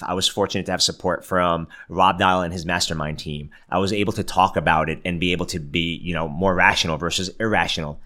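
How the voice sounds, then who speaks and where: A man's voice: sits low, pushed and bright. A man in his thirties hosting a podcast, telling a personal story in a chatty, self-mocking way with lots of filler words. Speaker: podcast host. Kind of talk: casual motivational monologue.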